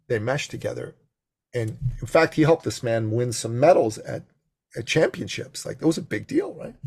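A man guest telling a story in conversation, acting out the dialogue with animation and a gravelly voice. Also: mid-range voice, a little mellow.

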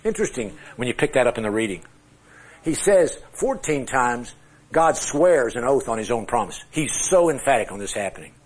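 A man's voice: mid-range voice, big pitch swings, normal speed, slight background noise. A middle-aged man teaching a Bible class with charts, talking conversationally, asking the class questions and joking at his own expense. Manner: self-deprecating humor.

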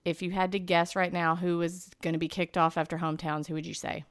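A woman co-hosting a relaxed chat, her voice on the lower side. She is lively and teasing and laughs easily as she talks. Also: quick pace. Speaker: podcast co-host. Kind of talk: casual chat recapping a reality show.

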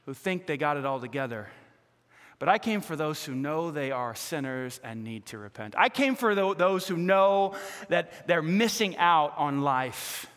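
Animated male pastor preaching in a hall. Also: fairly high pitch. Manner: animated preaching, acts out quoted voices. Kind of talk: sermon. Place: church sanctuary.

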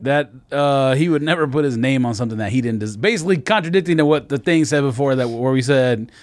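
A man's voice: medium pitch, fast, no echo. A man co-hosting a podcast in casual chat, laid-back and dismissive, laughing often. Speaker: podcast co-host.

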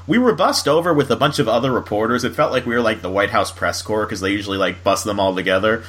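A man's voice: on the low side, fast, a bit bright. Chatty man from Florida, easygoing host. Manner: chatty, full of fillers and laughs. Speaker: podcast host. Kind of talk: casual chat.

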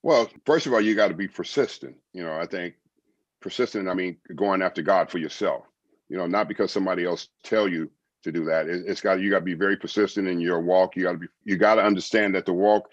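Deep-voiced middle-aged male guest, earnest testimony, dry, slightly muffled sound. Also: fast, no echo. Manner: earnest storytelling, repeats phrases, quotes God and others. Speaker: guest, former baseball player and evangelist. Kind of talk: testimony in a podcast interview.

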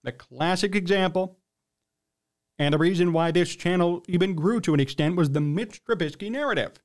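Emphatic high-voiced male sports talk host. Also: normal speed. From United States. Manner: emphatic, blunt, incredulous. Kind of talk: opinionated sports commentary monologue.

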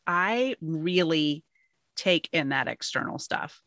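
Low-voiced woman asking candid questions. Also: animated, slow pace, a bit bright, no echo. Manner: candid, self-reflective questions. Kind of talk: casual podcast chat.

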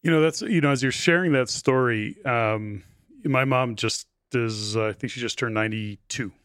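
A man's voice: mid-range voice, moderate pace, clear, resonant tone, no echo, clean studio sound. Chatty sixty-something man hosting. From Canada. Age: 60s. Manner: animated storyteller, many fillers like "you know". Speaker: podcast host. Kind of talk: casual interview chat.

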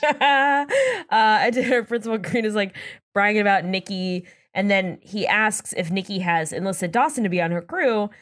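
In a medium-pitched voice at a moderate pace, a woman co-hosting a casual recap podcast reads out plot summaries, giggly, animated and laughing frequently. The sound is dry and clean, like a studio.

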